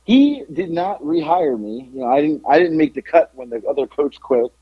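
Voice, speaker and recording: A man co-hosting a podcast, slightly hoarse from yelling, telling animated stories in casual chat. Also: on the high side, moderate pace, no room sound, dull audio. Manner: animated storytelling, yelling out quotes. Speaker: podcast co-host.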